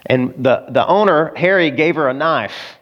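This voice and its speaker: A man's voice: on the high side, moderate pace. A man preaching a sermon, telling a story in a conversational way with asides to the listeners, on a dull lo-fi recording. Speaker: pastor.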